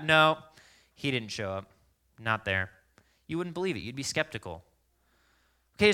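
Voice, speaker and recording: A man preaching a sermon in a conversational, animated way, acting out little quoted exchanges as he tells stories. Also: medium pitch, clean tone. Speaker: pastor.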